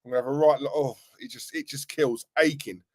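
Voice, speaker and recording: A man's voice: mid-range voice, steady tone, fairly quick, darkish tone. A man hosting a live football stream, talking earnestly and repeating himself, with plenty of fillers. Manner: earnest, repetitive, chatty, uses fillers like "you know". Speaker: football channel host.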